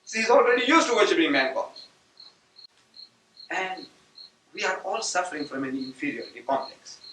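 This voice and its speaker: Gujarati-speaking man preaching, punchy and rhetorical, fairly high voice, faint hiss, roomy far-off mic. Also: sing-song, moderate pace. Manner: rhetorical, emphatic, with sudden loud outbursts. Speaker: lecturer. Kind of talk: public religious lecture. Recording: echoey hall taped from a distance.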